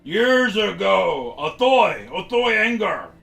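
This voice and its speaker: A man voicing a confused woman from the future who speaks halting, broken English. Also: sits high, sing-song, vocal fry, fairly bright tone, faint music behind, pitched above the performer's own voice, full character voice. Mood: halting, puzzled. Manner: halting, fragmented speech.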